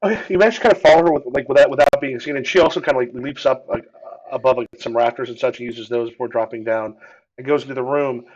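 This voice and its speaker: A man's voice: medium pitch, fast talker, a little mellow. A man running a tabletop game as game master, narrating with lots of fillers and hesitations. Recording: dull lo-fi audio.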